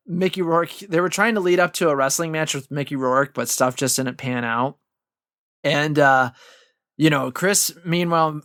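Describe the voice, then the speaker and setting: A man's voice: fairly high pitch, fairly bright tone, clean tone, no room sound. A man co-hosting a home-studio podcast, casually retelling wrestling history with lots of fillers and restarts. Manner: rambling recap with many fillers and restarts. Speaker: podcast co-host.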